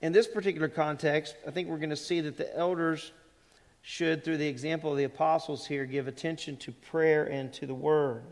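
A man's voice: on the high side, steady tone, brisk. A middle-aged male pastor preaching an expository sermon, talking with the congregation and often putting questions to them. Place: church sanctuary. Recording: long hall reverb.

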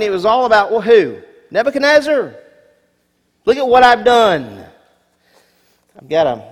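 Male pastor, slightly high voice, expressive sermon delivery with punchy emphasis and friendly asides; church hall reverb. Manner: expressive preacher, rising emphasis on key words, asides to congregation.

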